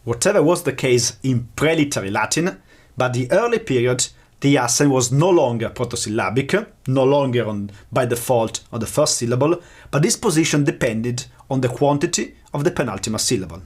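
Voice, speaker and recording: A man lecturing in a measured, explanatory way, slowing down to pronounce example words. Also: mid-range voice, lively intonation. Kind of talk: academic lecture.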